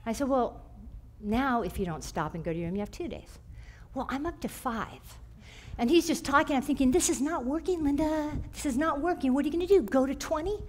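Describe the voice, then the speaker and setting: A middle-aged woman teaching a church class through personal stories, animated, and often clearing her throat. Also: high-pitched, moderate pace.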